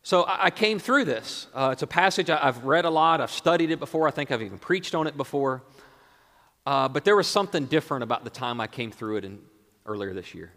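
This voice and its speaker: A man preaching a sermon, swinging between loud exclamations and hushed, near-whispered lines. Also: mid-range voice, expressive, brisk. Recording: long hall reverb.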